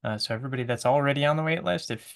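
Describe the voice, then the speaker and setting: A man's voice: medium pitch, racing, gravelly. A man from the product team casually answering a viewer question on a livestream, easygoing with frequent fillers.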